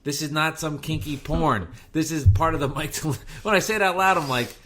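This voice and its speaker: A man's voice: a little high, brisk, few pauses, pushed and bright. A man, hosting a casual podcast from his home garage, jokey and self-deprecating. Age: 30s. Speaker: podcast host. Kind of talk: casual podcast chat and host-read ads.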